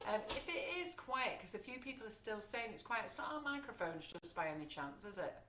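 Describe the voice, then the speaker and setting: Loud chatty Englishwoman in an echoey kitchen. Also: mid-range voice, expressive, brisk, noisy background. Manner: loud, chatty, reads out viewer comments. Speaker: shop owner hosting a live baking stream. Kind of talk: casual live-stream chat. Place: shop kitchen.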